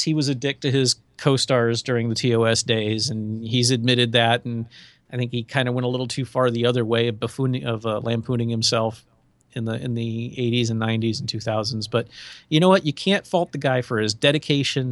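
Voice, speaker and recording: A man co-hosting a podcast, chatting casually and telling stories with lively, acted-out quotes. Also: medium pitch, brisk, no echo. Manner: animated storyteller, acts out quotes in shifting voices. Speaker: podcast co-host. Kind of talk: casual chat.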